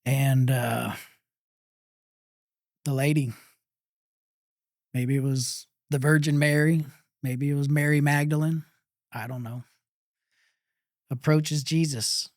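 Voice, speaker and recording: Middle-aged Texan man, interview guest, slow and halting, dry close sound. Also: a little high, fairly even intonation, dry recording. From Texas. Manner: halting, with many pauses and fillers. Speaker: pit master guest. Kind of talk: interview storytelling.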